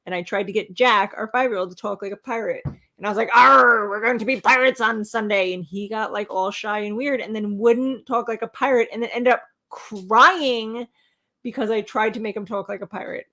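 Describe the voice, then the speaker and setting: A woman's voice: medium pitch, normal speed, fairly bright tone. A woman in her thirties co-hosting a casual livestream, teasing and rambling as she reads out viewer names, heard through a webcam. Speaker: co-host of a livestream show.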